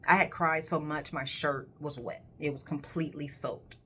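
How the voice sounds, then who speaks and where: Candid low-voiced woman telling a story. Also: fairly even intonation, normal speed, a bit bright, slight background noise. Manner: candid, emphatic, swears casually. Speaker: colon hydrotherapist. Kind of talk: personal storytelling.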